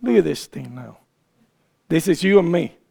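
A pastor giving a conversational sermon, often asking the congregation questions and teasing them. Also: male voice, a little high, big pitch swings, normal speed, creaky, warm tone.

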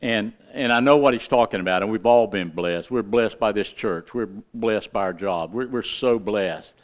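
A middle-aged male pastor preaching a sermon, with lively asides and questions to his congregation. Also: fairly low pitch, normal speed.

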